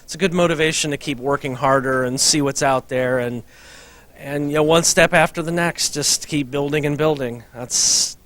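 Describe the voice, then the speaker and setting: A man's voice: fairly high pitch, steady tone, moderate pace, fairly bright tone. A middle-aged man, a professor, talking modestly and rambling with many fillers in a casual interview. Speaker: professor and former science fair winner.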